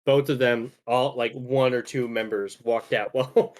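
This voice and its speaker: A man's voice: medium pitch, fairly even intonation, unhurried. A man co-hosting a podcast, chatting casually and rambling with restarts. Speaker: podcast co-host. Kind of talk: casual chat.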